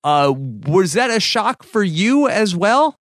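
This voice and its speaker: Animated, teasing male podcast host. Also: sits high, no echo, clean studio sound. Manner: teasing, quick questions. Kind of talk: interview.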